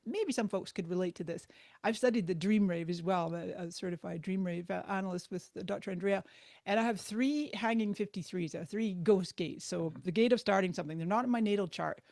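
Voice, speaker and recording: A woman chatting as an interview guest in an animated, warm-hearted way, breaking into laughter often. Her voice sits mid-range and sounds close and dry, with no room around it. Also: medium pitch, a little fast, no echo. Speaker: guest speaker. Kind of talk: casual interview talk.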